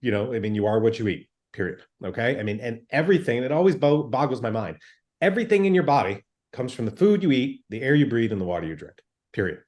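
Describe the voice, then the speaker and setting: A man's voice: mid-range voice, expressive, fast, a little mellow. A man, a physician guest in an interview, explaining things emphatically with everyday examples and frequent check-ins.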